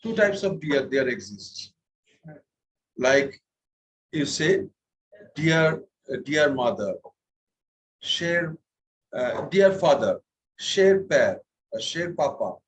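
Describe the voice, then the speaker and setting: A man teaches a French lesson to a class. His voice sits high for a man and he talks slowly. He is patient, repeating words and checking that students follow. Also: lively intonation, poor audio. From India.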